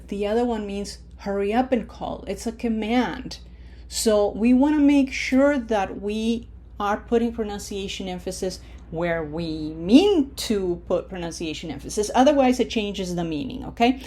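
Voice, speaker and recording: A woman teaching a recorded language lesson, modeling words clearly for repetition and checking in with frequent "okay?" prompts. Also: medium pitch, dark tone. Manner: slow, deliberate, checks in with "okay?". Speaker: Spanish teacher.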